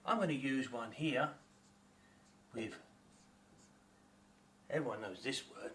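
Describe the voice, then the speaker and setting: A patient Australian man teaching vowel sounds at a very slow, deliberate pace. His voice sits at an everyday middle pitch. He spells words out letter by letter, the way a teacher would for a class. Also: fairly bright tone, slight background noise. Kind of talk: phonics lesson to camera.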